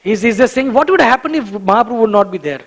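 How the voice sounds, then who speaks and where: A man giving a devotional morning class in a temple, emphatic and animated, repeating key words for stress and often chuckling. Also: very high-pitched, quick pace, long reverb tail, rough recording. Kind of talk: devotional lecture. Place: temple hall.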